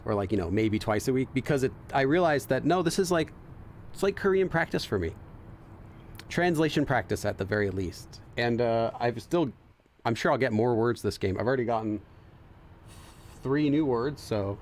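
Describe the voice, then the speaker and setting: A man's voice: mid-range voice, animated, moderate pace, a little hiss or hum. A man hosting a game playthrough, reading the on-screen text aloud, translating it and thinking aloud with many fillers and restarts. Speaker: let's play host and Korean learner.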